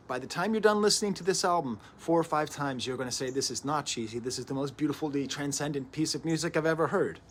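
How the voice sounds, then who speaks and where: A man's voice: on the high side, a little hiss or hum. A man in his thirties hosting a casual spoken record review at home, chatty and digressive, with many asides. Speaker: host of a music review show. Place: at home early in the morning.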